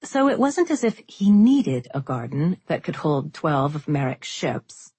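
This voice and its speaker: Low, husky woman narrating. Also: expressive, a little slow, dark tone, dry recording. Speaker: audiobook narrator. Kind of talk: scripted fantasy narration.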